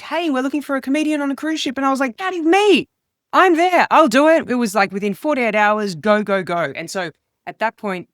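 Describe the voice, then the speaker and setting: A woman's voice: no room sound, clean studio sound. A woman, a comedian and speaker, telling stories in an interview and acting out the voices of the people she quotes. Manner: expressive, acts out quoted voices with big pitch jumps. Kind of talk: animated storytelling in an interview.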